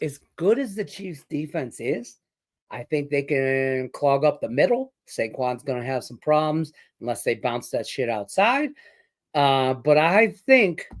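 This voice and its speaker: Speaking a little slowly in an expressive, slightly high voice, a middle-aged Detroit man hosts a sports betting podcast. He gives betting picks in casual conversation and rambles through a profane, filler-heavy story.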